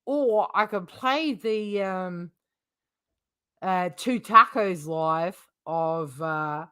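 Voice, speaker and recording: A woman's voice: on the low side, extremely slow, bright, forceful tone, clear, resonant tone, no room sound, studio quality. A woman hosting a livestream who gossips casually, swears freely and laughs often. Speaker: livestream host.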